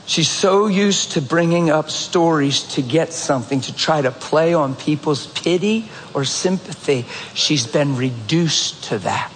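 A male pastor with a high voice, preaching through lively, plain-spoken stories from the pulpit. His words ring with the long echo of the church hall, and a faint room hum sits beneath them. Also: measured pace, few pauses. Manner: animated storytelling, direct and conversational. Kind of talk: sermon. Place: church sanctuary.

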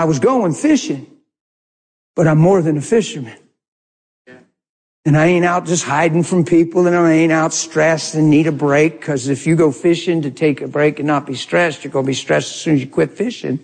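A man telling a story in a sermon, animated and laughing often as he talks. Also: fairly high pitch. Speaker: preacher. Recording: long hall reverb.

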